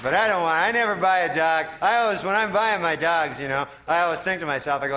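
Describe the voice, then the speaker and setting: A man from Canada, a stand-up comedian telling rambling deadpan bits full of "you know" and then chatting as a guest. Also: on the high side, fast, some chatter behind. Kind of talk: stand-up monologue, then interview chat. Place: TV studio with live audience. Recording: TV studio audience laughter and noise.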